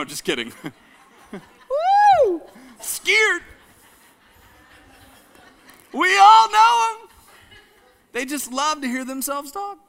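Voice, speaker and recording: Male pastor, lively sermon delivery with call-and-response, high and bright. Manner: animated, calls the congregation to repeat lines; jokes and laughs with the audience.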